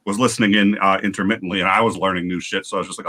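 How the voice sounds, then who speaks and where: Guy chatting on a stream, low bright voice, keeps restarting his sentences. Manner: animated, halting with many restarts. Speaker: guest on a livestream panel. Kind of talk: casual storytelling chat.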